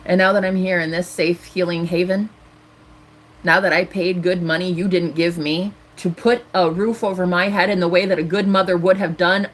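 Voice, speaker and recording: A woman's voice: fairly low pitch, fairly even intonation, moderate pace. A woman in her thirties ranting defiantly on a live stream as a tarot reader. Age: 30s.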